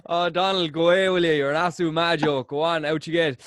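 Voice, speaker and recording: A man's voice: a little high, steady tone, fast, fairly bright tone, dry recording. Upbeat male podcast host, dry sound. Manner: eager, encouraging. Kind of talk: casual podcast chat.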